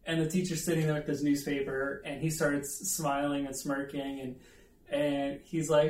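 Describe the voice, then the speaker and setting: Steady and darkish, yet on the high side, a man's voice preaches at normal speed in a conversational sermon. He shares a self-deprecating story and turns aside to the audience, captured by a distant mic in an echoey room.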